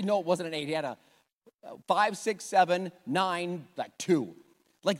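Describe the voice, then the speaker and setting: Animated pastor man in a reverberant hall. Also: sits high. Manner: animated storytelling, jumps between loud and hushed. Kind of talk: sermon with personal story. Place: large church hall.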